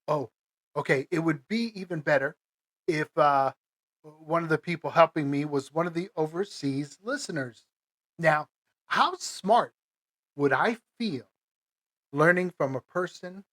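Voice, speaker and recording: Man, podcast host, slightly high voice, casual rambling monologue, stumbles and chuckles. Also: a bit bright. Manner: rambling, chatty, many fillers and restarts; chuckles between phrases.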